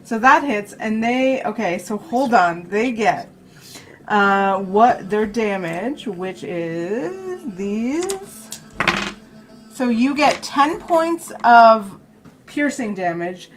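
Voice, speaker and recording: A woman's voice: on the high side, lively intonation, drawn-out words. A woman running a tabletop role-playing game as dungeon master, casual and swearing freely.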